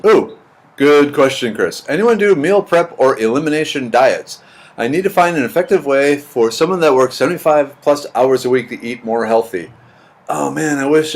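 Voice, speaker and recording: A middle-aged man hosting a livestream, chatting casually and answering viewers' comments in a rambling, repetitive way. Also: medium pitch. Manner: chatty, rambling, repeats words. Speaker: livestream host reading chat. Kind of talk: casual chat.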